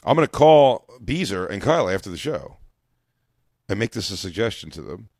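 A man's voice: fairly low pitch, big pitch swings, moderate pace, darkish tone, dry recording, clean studio sound. A man co-hosting a casual radio talk show, riffing crudely and laughing often. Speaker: co-host.

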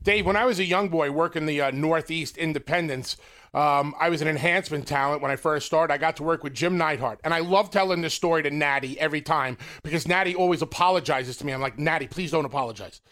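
Middle-aged man, high pitch, emphatic profane storyteller, casual podcast chat. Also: fast, a bit bright. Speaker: podcast co-host, retired wrestler.

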